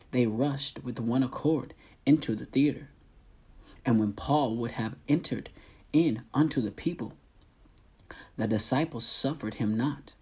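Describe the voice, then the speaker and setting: A man reading scripture aloud in a slow, deliberate, solemn manner, announcing verse numbers. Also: mid-range voice, a little mellow, husky. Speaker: scripture reader.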